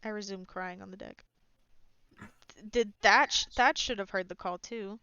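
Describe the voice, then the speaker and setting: A woman's voice: medium pitch, measured pace, bright, forceful tone, clean tone, no room sound, highs cut off. A woman playing in a tabletop game, chatting casually and expressively. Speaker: player. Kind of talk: casual play chat.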